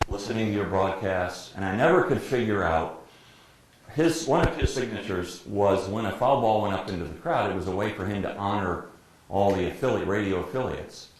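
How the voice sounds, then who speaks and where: A man's voice: on the low side, normal speed. Older man spinning stories in an echoey hall. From Detroit, USA. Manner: lively storyteller who acts out quotes and laughs often. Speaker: guest speaker, professional sportscaster. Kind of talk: anecdotal storytelling talk. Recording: very echoey room, faint background noise.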